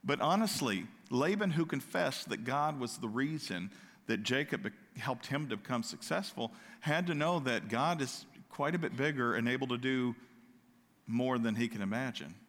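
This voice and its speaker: Bright-voiced man preaching in a reverberant hall. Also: moderate pace. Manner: animated, acts out quoted voices with sudden loud high outbursts. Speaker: pastor. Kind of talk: sermon.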